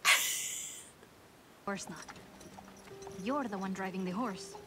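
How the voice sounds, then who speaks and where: An actress voicing a cheerful, playful young female magician in an animated series. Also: mid-range voice, slow, heavy background noise, natural voice. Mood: fond. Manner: teasing, affectionate.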